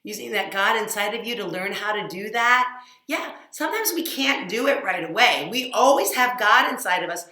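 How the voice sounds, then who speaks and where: A woman leads a children's Sunday school lesson, gently coaxing young listeners with frequent questions. Her voice is bright and clear, and it rings in an echoey room. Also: mid-range voice, animated, normal speed.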